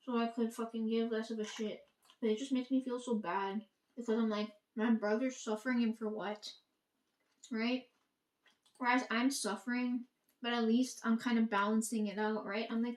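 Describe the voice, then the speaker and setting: High-voiced woman ranting in an echoey room. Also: little pitch movement, moderate pace, long pauses. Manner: profane, ranting, quotes herself and others. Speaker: vlogger. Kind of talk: casual monologue.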